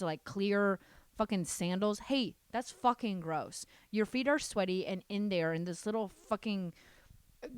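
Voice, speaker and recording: A woman in her twenties hosting a casual solo podcast, talking in a sassy, animated way and swearing freely. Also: mid-range voice, clear, resonant tone, dry recording. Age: 20s. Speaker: podcast host.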